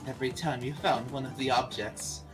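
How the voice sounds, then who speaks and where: A woman voicing Huntress, a hulking female killer who is soft and devoted, reading dating-game lines slowly and tenderly. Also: rumbling low, fairly even intonation, pitched below the performer's own voice. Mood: adoring. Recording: game music playing behind.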